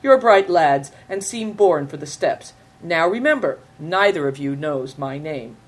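A woman voicing a sly, courteous Mongol horseman who speaks with smooth, flowery politeness. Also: deep voice, expressive, a little slow.

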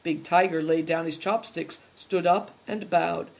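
Steady audiobook narrator. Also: mid-range voice, measured pace, vocal fry. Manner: steady storytelling.

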